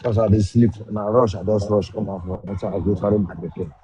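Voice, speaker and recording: A Nigerian man speaks in a low, mellow voice, calm and pleading for peace on a live phone stream. A faint hiss is under the voice. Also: fast, dull audio. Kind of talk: casual live-stream talk.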